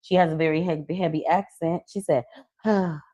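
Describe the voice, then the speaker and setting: Love coach woman, low voice, dry. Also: a little fast, no room sound. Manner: animated storytelling, acts out quoted people; slangy, conversational. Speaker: love coach and podcast host. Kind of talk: casual podcast chat.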